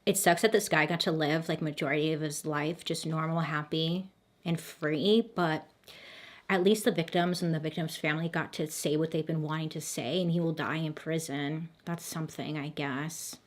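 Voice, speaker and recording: A woman telling a true crime story to camera in a casual, chatty way, with dry sarcastic asides and a voice going hoarse. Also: low-pitched, steady tone, moderate pace. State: hoarse, losing her voice.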